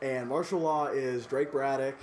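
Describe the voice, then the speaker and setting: A man's voice: medium pitch, fairly even intonation, moderate pace, darkish tone. A man on a podcast, telling a backstage story in a loose, casual way, laughing often between bits. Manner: laughs often mid-story, lots of fillers. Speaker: podcast co-host.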